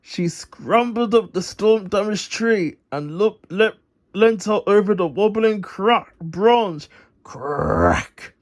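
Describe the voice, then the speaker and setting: A man reading a children's storybook aloud in an unhurried way, stumbling over a word now and then. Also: sits high. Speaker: storybook reader.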